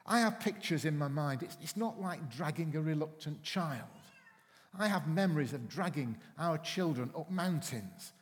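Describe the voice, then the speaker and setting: Storytelling preacher in a reverberant hall. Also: male voice, on the high side, lively intonation, moderate pace. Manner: storytelling, acts out voices in anecdotes. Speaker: pastor. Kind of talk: sermon. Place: church hall.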